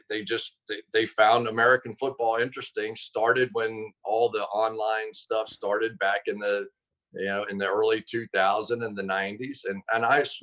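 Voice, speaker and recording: Bright, animated male storyteller guest. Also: fairly low pitch, poor audio. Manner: animated storyteller, laughs often, self-deprecating. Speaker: guest, former football player and broadcaster. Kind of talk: interview over video call. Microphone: video call.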